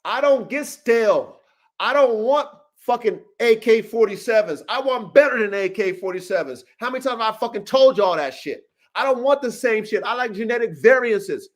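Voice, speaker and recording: A man with a noticeably high speaking voice holds forth on a livestream podcast. He is brash and profane, boasting about his experience and hammering each point home while calling on listeners by name. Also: lively intonation, moderate pace. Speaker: podcast host and dog breeder. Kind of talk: casual livestream podcast rant.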